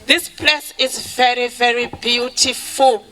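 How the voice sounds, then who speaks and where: A woman who founded a charity, giving an emotional event speech that switches between English and Shona and thanks people warmly. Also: on the high side, fairly even intonation, takes it slowly, low-quality recording. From Zimbabwe.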